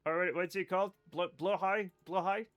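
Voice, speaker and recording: A man chatting live with his viewers while he plays. His voice sits high, and he rambles from one joke to the next, often mocking himself. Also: fairly even intonation, fairly quick, a bit bright, faint music behind. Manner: rambling, joking, playfully self-mocking. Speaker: live streamer. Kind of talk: casual gameplay chat with viewers.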